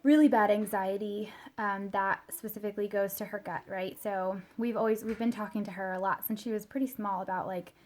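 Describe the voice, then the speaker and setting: A woman's voice: medium pitch, fairly even intonation, a little fast, hardly any pauses. A woman in her thirties, a mother telling a casual vlog story, chatty and full of fillers. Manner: chatty, lots of fillers and "like", quotes her child in a small soft voice. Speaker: mother sharing a product story.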